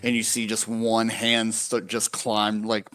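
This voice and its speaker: A man narrating as dungeon master, unhurried and hesitant with many pauses and fillers. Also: lowish voice, monotone, a bit bright. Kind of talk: narrating a tabletop game.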